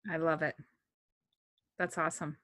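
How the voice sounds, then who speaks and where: A woman's voice: low voice, little pitch movement, normal speed, a bit bright, no room sound, studio quality. A woman hosting a casual chat, upbeat and encouraging. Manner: upbeat, encouraging, enthusiastic affirmations. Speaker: host health coach. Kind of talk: casual video call chat.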